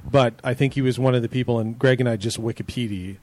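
A man co-hosting a casual panel discussion, talking in a thoughtful, measured and skeptical way. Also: medium pitch, steady tone, a little mellow. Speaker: podcast co-host.

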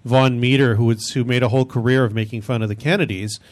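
A man's voice: mid-range voice, fairly even intonation, quick pace. A man hosting a casual chat about comedy, rambling with many restarts. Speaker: host.

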